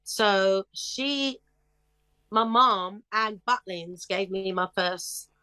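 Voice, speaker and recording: A woman's voice: medium pitch, very slow, clean tone, no room sound. A woman in her fifties tells stories with animation. She slips into other people's voices and hums bits of songs. The recording is close and dry, with no room sound. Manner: animated storyteller who acts out voices and sings snatches of songs. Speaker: singer, interview guest. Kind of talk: casual storytelling interview.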